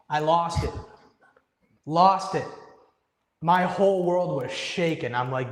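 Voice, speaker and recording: Young guy telling his story, earnest and emphatic, quotes his own thoughts, mid pitch, lots of room echo. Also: steady tone, measured pace. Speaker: guest musician. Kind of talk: personal story in a live interview. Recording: echoey room with long reverb.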